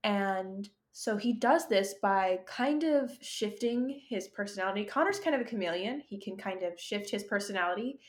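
A woman's voice: medium pitch, animated, normal speed, hardly any pauses. A woman co-hosting a podcast in casual book chat. She gushes and leans on fillers. Her voice sits in a middle register. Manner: gushing, lots of "like". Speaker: podcast co-host.

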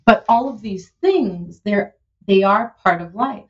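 A woman in her thirties, a musician being interviewed, talking in an animated, heartfelt way with lots of "like" and "you know". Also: medium pitch, a little slow, muffled recording. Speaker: musician and producer, guest. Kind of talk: conversational interview.

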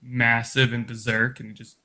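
A man running a tabletop game as game master, talking with many pauses and restarts. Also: medium pitch, little pitch movement, sharp tone. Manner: halting, lots of fillers and restarts.

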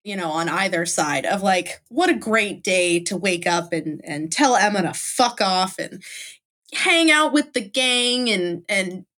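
A woman's voice: medium pitch, animated, a little slow, bright, forceful tone. A woman co-hosting a casual book discussion podcast, gushing and emphatic, laughing often. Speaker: podcast co-host.

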